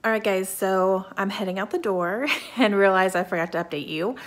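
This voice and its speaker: A woman's voice: mid-range voice, moderate pace. A woman in her thirties chatting casually in a reading vlog at home, upbeat and laughing often. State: talking around a mint in her mouth. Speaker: book vlogger.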